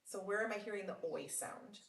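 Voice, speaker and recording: A woman's voice: medium pitch, creaky, a bit bright, distant mic. Patient phonics teacher woman, slightly roomy. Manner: patient, encouraging, with frequent praise; slow, deliberate sounding out of words. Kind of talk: one-on-one phonics lesson. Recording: roomy sound from off mic.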